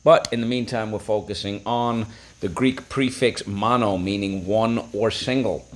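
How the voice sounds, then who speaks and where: A man's voice: lowish voice, fairly even intonation, a little slow, slight background noise. A man teaching a phonics lesson, breaking words into syllables and prompting listeners to repeat.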